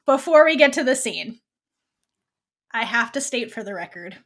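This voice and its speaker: Speaking at a moderate pace in a fairly high voice, a woman co-hosting a podcast gives a casual, animated recap of a TV episode, performing the characters' lines along the way.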